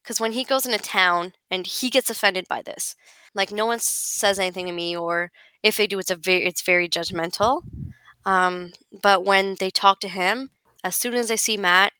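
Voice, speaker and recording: A woman talking casually as a podcast guest, telling stories in an animated, chatty way. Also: medium pitch, normal speed, clean tone, dry recording, low-quality recording. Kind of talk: casual conversation.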